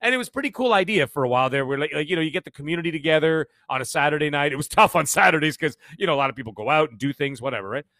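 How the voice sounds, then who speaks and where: A man's voice: on the high side, no echo, studio quality. A man in his fifties with a Canadian accent, telling stories energetically as a podcast guest. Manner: fast, energetic storytelling with frequent restarts. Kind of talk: casual interview chat.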